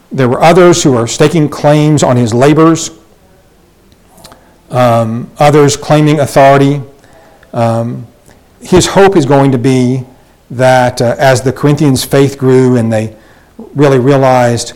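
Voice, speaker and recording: A man of ordinary pitch leads a Bible study lesson. He reads scripture aloud, then talks it through casually, often pausing with fillers and restarting sentences. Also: darkish tone, low-quality recording. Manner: conversational, with frequent fillers and restarts. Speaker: Bible teacher.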